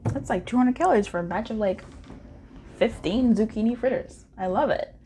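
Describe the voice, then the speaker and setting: A woman's voice: fairly high pitch, moderate pace, dark tone, a little hiss or hum. A woman doing a casual pick-a-card tarot reading, playful and slangy, with frequent laughter.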